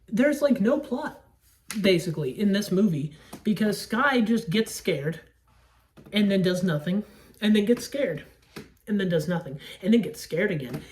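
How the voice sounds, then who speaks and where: A woman's voice: fairly low pitch, a little mellow, recorded from a distance. A young woman talking casually at home about movies, rambling, swearing freely and cutting herself off mid-thought. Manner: rambling, profane, self-interrupting. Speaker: podcast host reviewing movies. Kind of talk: casual solo movie talk.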